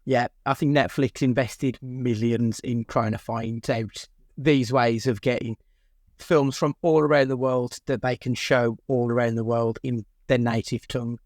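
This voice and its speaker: Steady English man co-hosting a podcast. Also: medium pitch, measured pace, no echo, clean studio sound. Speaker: podcast co-host. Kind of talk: casual chat.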